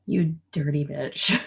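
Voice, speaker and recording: A young woman chats loosely and candidly, her voice husky and pitched a little low. She swears freely and talks to her viewers. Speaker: YouTuber on a livestream. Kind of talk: casual chat reading comments.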